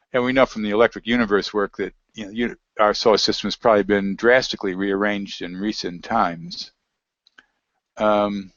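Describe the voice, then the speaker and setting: A man's voice: mid-range voice, a bit bright. A man chats loosely as an interview guest, drifting between thoughts and reading passages aloud from web pages. The audio sounds muffled and lo-fi, with no room echo. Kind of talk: casual conversational interview. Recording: dry, dull lo-fi audio.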